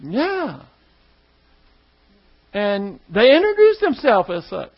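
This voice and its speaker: Preacher guy, high voice, chatty sermon, dull lo-fi recording. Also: animated, a little slow. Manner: conversational, asks the congregation questions. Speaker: pastor.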